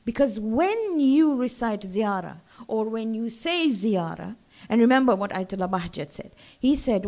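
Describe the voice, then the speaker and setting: Woman lecturer, slightly high voice, conversational, explains to her audience and asks them to follow along. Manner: conversational, checks in with listeners. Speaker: religious lecturer. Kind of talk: religious lecture to a gathering.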